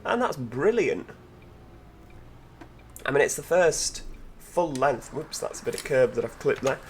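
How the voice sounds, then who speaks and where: A man commentates on a driving game in a relaxed, enthusiastic chat, tossing in rhetorical questions and asides to passengers. His pitch sits mid-range for a man. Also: unhurried, a little hiss or hum. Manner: enthusiastic, chatty, full of tag questions. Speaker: gaming channel host. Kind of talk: gameplay commentary.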